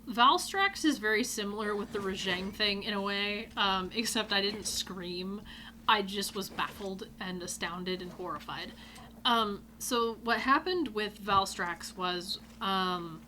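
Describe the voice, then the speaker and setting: A woman hosting a gaming video, telling a casual anecdote in an animated way, swearing freely and acting out quotes with loud cries. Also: medium pitch, a little hiss or hum.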